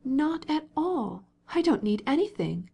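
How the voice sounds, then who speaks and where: A woman's voice: sing-song, unhurried, vocal fry, mellow, full character voice. A woman voicing Kitty, an indignant young wife. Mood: insistent. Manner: pleading, insistent, raised pitch. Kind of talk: audiobook character reading.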